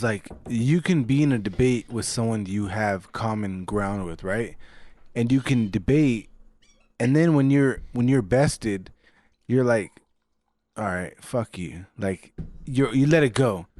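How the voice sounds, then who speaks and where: A man in a casual podcast chat who makes his points bluntly and plainly, with a bit of swearing. His voice sits at an ordinary middle pitch. The recording is dry and close. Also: a little mellow, no echo. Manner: blunt, matter-of-fact. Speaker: podcast co-host.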